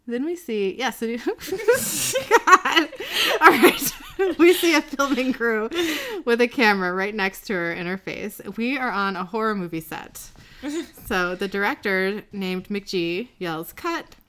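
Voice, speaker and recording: A woman's voice: on the high side, unhurried, sharp tone. A woman co-hosting a podcast, recapping an episode in casual chat and laughing often. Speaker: podcast co-host.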